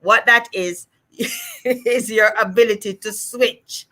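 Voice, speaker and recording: A woman speech-language pathologist explaining things patiently in a teacherly way, sometimes drawing out sounds slowly to demonstrate. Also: fairly high pitch, wildly swooping pitch, pushed and bright. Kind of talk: explanatory live chat.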